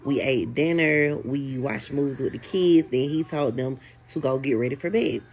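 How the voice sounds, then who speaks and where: A woman telling a casual storytime, animated and talking straight to her viewers. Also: a bass voice, moderate pace.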